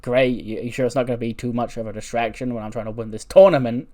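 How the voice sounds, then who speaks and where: A man's voice: medium pitch, fast, warm tone, close to an everyday voice. A man voicing a skeptical female wrestler with a dry delivery. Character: doubtful female wrestler preparing for a match.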